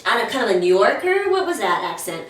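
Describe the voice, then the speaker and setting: Chatty woman puppeteer demonstrating voices, mid-pitched, recorded roomy and far. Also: sing-song, fast talker, fairly bright tone. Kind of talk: casual show chat. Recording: roomy, distant mic.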